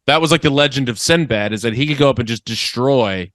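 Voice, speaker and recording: A man's voice: medium pitch, quick pace, fairly bright tone, no echo. A man co-hosting a comedy podcast, joking in a dry, mock-serious, riffing way. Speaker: podcast co-host. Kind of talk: casual comedy chat.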